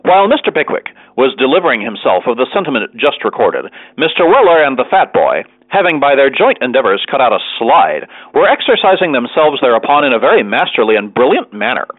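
A man narrating a classic story in an expressive reading style, doing animated character voices. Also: medium pitch, a little fast, hardly any pauses, no echo. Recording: tinny dry radio broadcast.

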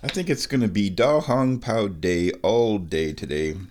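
Slow, drawling man with lively pitch. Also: slight background noise. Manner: slow, drawling and playful, with high baby talk to his cat. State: stuffy from sinus trouble. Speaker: vlog host. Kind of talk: casual rambling vlog.

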